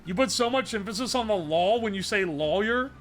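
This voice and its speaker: A man rambles through a casual live-stream chat, swearing freely and answering viewers as he goes. His voice sits high and sounds bright and forward. Faint music plays underneath. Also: expressive, fairly quick.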